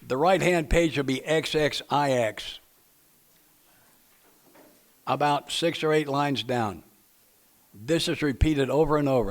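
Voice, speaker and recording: A man talks a group through a book study. His delivery is plainspoken and folksy, with a joking edge. His pitch sits in the middle range. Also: lively intonation, measured pace, pauses often. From Nashville, Tennessee. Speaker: recovery meeting speaker leading a book study. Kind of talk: speaker-meeting talk to a group.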